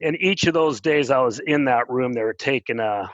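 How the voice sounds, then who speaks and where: A middle-aged man, an interview guest, telling a personal story in an earnest, plainspoken way and pausing when moved. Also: mid-range voice, a bit bright, no room sound, dull audio.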